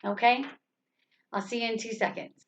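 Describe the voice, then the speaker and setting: A woman's voice: a little high, moderate pace. A woman teaching an English grammar lesson, speaking patiently and leaning hard on the words she wants stressed. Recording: dull lo-fi sound.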